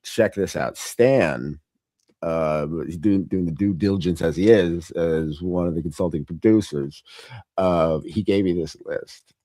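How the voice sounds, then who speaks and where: A man's voice: deep voice, measured pace, warm tone, dry recording, clean studio sound. A man hosting a casual chat about films, rambling, often laughing, trailing off and restarting. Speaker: host.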